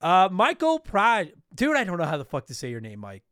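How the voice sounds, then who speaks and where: Brief: male podcast host at home, high voice with a dry close sound, blunt and profane. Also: huge pitch swings, a little fast, a bit bright, no room sound. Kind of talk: casual podcast talk reading listener mail. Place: home room with game shelf.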